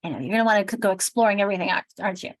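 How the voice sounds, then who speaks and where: A woman's voice: medium pitch, very fast, dry recording, rough recording. An American woman leading a teacher workshop, enunciating every word very carefully and demonstrating sounds aloud. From United States. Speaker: teacher trainer. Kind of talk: workshop presentation.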